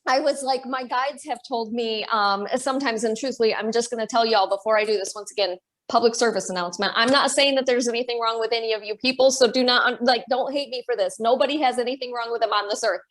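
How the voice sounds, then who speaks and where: A woman's voice: a little high, steady tone, fast, few pauses. A woman with a Michigan accent co-hosting a spiritual podcast, talking bluntly and swearing freely in casual chat. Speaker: podcast co-host, medium.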